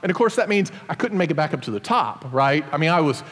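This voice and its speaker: A middle-aged father telling a personal story to an audience in an animated, self-deprecating way. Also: on the high side, fast talker, big-room sound.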